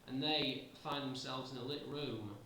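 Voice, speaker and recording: A man's voice: mid-range voice, a little slow, pushed and bright, slight background noise. A man improvising a story, hesitant and full of fillers. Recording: roomy, distant amateur recording.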